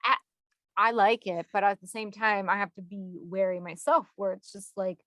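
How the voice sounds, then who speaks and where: A woman guest therapist chatting casually on a podcast, telling stories with lively acted-out quotes, saying y'all and swearing casually. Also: medium pitch, normal speed, dry recording. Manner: animated storyteller who acts out quoted people.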